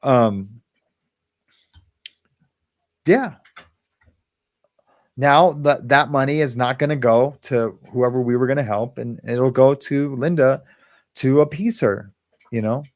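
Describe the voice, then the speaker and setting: Male livestream host, gravelly and dry, loose rambling delivery with chuckles. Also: medium pitch, no echo. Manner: rambling, chuckling, halting restarts. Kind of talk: casual live chat, reading comments aloud.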